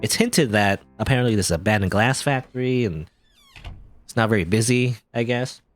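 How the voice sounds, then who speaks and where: A man's voice: mid-range voice, moderate pace, soft background music. A man casually commentating on a video game as he plays it, chatty and rambling. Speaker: let's play host.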